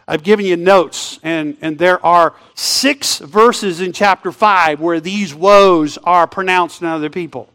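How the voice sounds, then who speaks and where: High-voiced preacher, loud then hushed. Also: male voice, smooth. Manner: dramatic swings from loud to hushed, drawn-out phrases. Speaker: pastor. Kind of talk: sermon.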